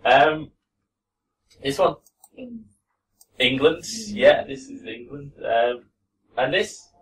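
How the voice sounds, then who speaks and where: A man teaching a pronunciation class to students in a classroom, relaxed and encouraging. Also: mid-range voice, very slow. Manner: relaxed, encouraging, demonstrates sounds. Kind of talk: classroom lesson. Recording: distant mic in a classroom.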